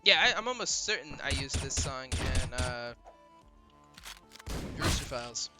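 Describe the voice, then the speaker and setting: A man's voice: medium pitch, lively intonation, measured pace. A young man casually commenting on a game he is playing, rambling and swearing, with easy laughs. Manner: rambling, profane, laughs easily. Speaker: gameplay commentator. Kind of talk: casual let's-play commentary. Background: faint game music.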